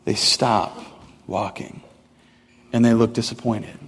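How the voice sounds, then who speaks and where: A man's voice: medium pitch, fairly even intonation, slow, husky, long reverb tail. A man preaching a sermon in a casual, conversational way, with many "like" fillers, building intensity as he goes. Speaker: pastor.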